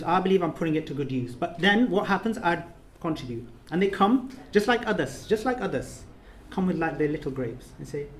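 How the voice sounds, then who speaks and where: A man's voice: sits high, animated, fairly quick, hardly any pauses, roomy sound, slight background noise. A man leading a course, giving an emotional thank-you speech, earnest and repetitive, his phrases rising to emphatic peaks. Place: reception room of an official residence.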